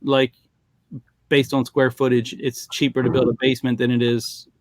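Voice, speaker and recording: A man's voice: mid-range voice, flat delivery, moderate pace, darkish tone, dry recording. An American man co-hosting a casual video call chat, playful and joking. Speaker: co-host.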